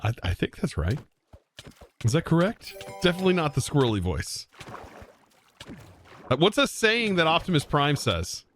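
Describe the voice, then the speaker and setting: A young man hosting a live game stream, excitable, exclaiming often and thanking viewers. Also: a little high, normal speed, long pauses, soft background music. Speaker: livestream host.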